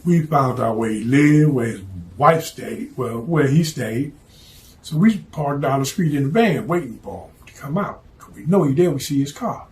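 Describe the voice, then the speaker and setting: A man's voice: mid-range voice, lively intonation, normal speed. A man telling a story from his past in a blunt, profane, streetwise way.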